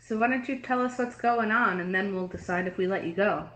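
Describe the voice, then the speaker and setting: A woman plays a tabletop game, blunt and insistent as she questions a captive. Her voice sits at a mid pitch. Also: brisk, a bit bright, low-quality recording. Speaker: player.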